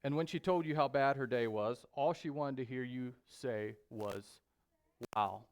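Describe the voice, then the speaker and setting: A man preaching a sermon in a church, speaking deliberately with frequent pauses and fillers. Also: mid-range voice, darkish tone. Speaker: pastor. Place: church sanctuary.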